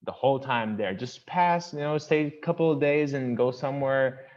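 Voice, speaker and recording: A man's voice: medium pitch, normal speed, darkish tone. Brazilian-accented young man on a muffled call. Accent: Brazilian Portuguese. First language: Portuguese. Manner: enthusiastic, loose, many fillers and restarts. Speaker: international student guest. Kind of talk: casual interview chat. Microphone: video call. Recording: dull lo-fi video call audio.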